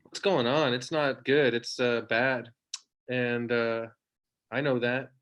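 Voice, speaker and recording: A man in his thirties tells stand-up stories over a video call from home. His voice sits at a middling pitch. He rambles and trips over himself in a self-deprecating way. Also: fairly even intonation, takes it slowly, fairly bright tone. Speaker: stand-up comedian. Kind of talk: stand-up set on a livestream.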